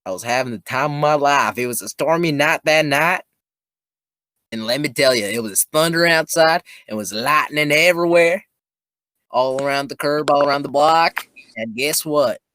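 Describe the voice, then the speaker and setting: A man's voice: fairly high pitch, moderate pace, bright, forceful tone, dry recording. A man putting on a bold Southern country storyteller. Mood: boastful, dramatic. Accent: Southern US, put on. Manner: drawling, playfully dramatic storytelling. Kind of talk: podcast comedy bit.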